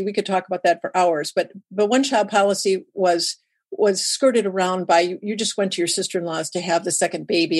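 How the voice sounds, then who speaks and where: A woman, a writer and public speaker, talks as an interview guest. She tells her stories in a lively way and jumps up in pitch to act out what other people said. Her voice sits at an ordinary middle pitch. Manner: lively storyteller who acts out quoted dialogue. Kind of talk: conversational interview storytelling.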